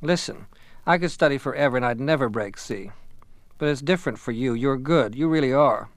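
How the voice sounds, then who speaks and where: A man's voice: medium pitch, fairly quick, no echo, lightly acted. A man reading the part of a confident, easygoing teenage boy athlete, speaking in a simple, casual, offhand way.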